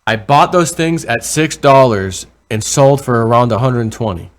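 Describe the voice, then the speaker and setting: A man's voice: mid-range voice, measured pace. Rambling man talking crypto charts. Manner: rambling, self-correcting, excited bursts over numbers. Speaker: crypto vlogger. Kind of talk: casual commentary over charts.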